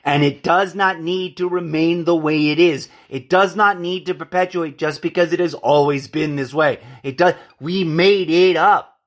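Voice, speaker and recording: A man's voice: a little high, fairly even intonation, moderate pace. A man hosting a podcast in a solo monologue, ranting and digressing, often stopping to correct his own words and calling his listeners folks. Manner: addresses listeners as folks and friends. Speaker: podcast host.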